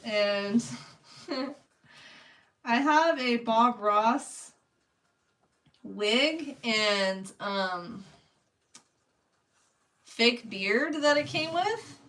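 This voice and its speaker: Her voice sits a little high and comes across pushed and bright as she paints on a live stream. The artist keeps up casual chat, calling viewers by name and laughing often, a bit distant from the microphone.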